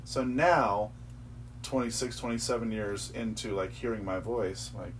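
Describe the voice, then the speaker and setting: A man guest on a podcast, chatting casually in an animated, joking way. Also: on the low side, moderate pace. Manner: animated, joking, acts out quotes. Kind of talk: casual chat. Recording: distant mic with faint hum.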